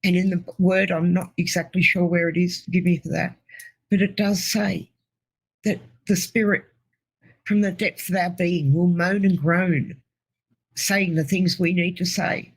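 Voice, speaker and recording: Middle-aged woman, gravelly and a touch husky, giving a halting, earnest testimony. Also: lowish voice, steady tone, poor audio. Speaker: interview guest. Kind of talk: personal testimony.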